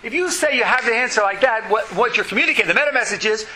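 Man giving a religious lecture, high voice, bright tone, animated and acting out quotes. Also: very fast, few pauses, slight background noise, poor audio.

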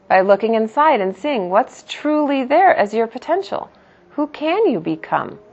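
A woman religious teacher giving a spoken lesson in an animated, emphatic way, asking her listeners rhetorical questions. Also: on the low side, gravelly, lo-fi sound.

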